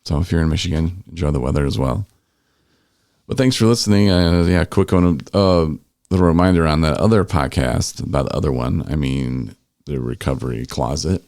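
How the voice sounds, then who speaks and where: A man's voice: a bass voice, normal speed, a little mellow, dry recording. A man hosting a recovery podcast in easygoing, rambling casual chat, restarting his sentences often. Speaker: podcast host.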